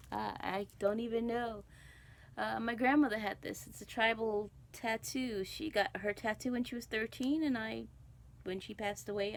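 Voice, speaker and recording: Slight background noise sits under this low-quality recording of a medium-pitched woman. She's a middle-aged cross stitch vlogger who was born in Guyana and raised in Brooklyn, New York, and she chats casually to camera, rambling with lots of ums, asides, and talk to herself.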